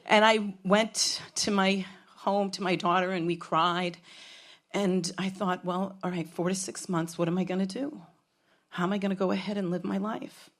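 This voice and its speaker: A woman's voice: mid-range voice, steady tone, normal speed. A middle-aged woman telling a frank, comic personal story on stage, swearing freely. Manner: frank, profane, comic, with laughs from a crowd.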